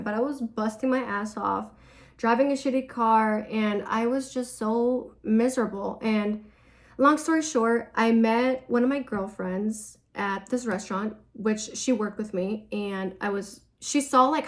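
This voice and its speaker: A young woman with a slightly high voice talks through viewer questions in a loose, chatty way. She is candid and swears freely, and her speech is full of "like" and "so" as she drifts into personal stories. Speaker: vlogger answering viewer questions. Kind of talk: casual Q&A storytelling.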